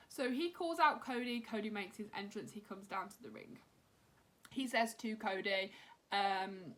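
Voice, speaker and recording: Chatty woman, bright voice. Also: fairly high pitch, unhurried. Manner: chatty, emotional, heavy use of "um" and "like". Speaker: wrestling recap host. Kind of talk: casual recap chat.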